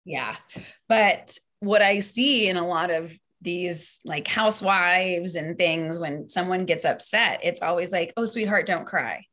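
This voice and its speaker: Young female singer guest, lower register, candid and animated. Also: takes it slowly. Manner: open, animated, laughs often. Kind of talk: casual interview chat.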